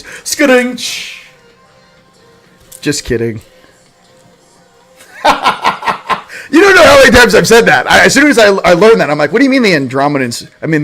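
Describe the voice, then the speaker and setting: Rambling, jokey man with a high voice. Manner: rambling and jokey, swings between loud and quiet. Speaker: host of a spiritual livestream. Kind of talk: casual livestream chat.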